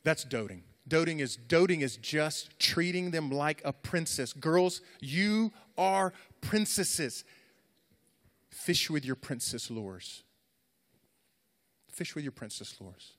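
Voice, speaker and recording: A man's voice: on the high side, expressive, measured pace, a bit bright. A middle-aged man preaching to young people in an earnest, repetitive, conversational way. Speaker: youth pastor. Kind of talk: sermon. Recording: echoey hall.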